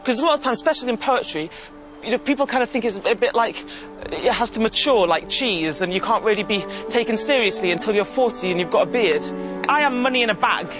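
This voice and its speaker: A man leading a poetry workshop for pupils, talking in a playful, excitable way. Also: sits high, fast talker. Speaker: poet leading a school workshop. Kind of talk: enthusiastic workshop talk. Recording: music and crowd behind voice.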